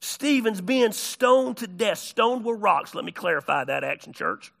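A man preaching a sermon, telling stories with big swings between hushed and shouted delivery. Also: high-pitched, sing-song, measured pace, creaky. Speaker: pastor.

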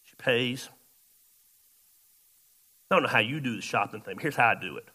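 A man pastor, telling a story in a sermon, shifting between loud outbursts and quiet asides. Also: mid-range voice, expressive, moderate pace.

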